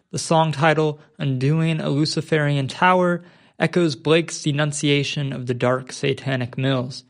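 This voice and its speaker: A man hosting a show, introducing clips in measured, read-from-script narration. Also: on the high side, vocal fry. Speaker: host.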